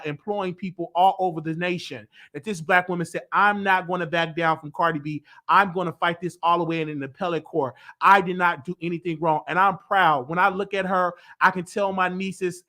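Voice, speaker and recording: A high-voiced man hosts a celebrity gossip commentary show. He talks with emphatic excitement and keeps repeating himself.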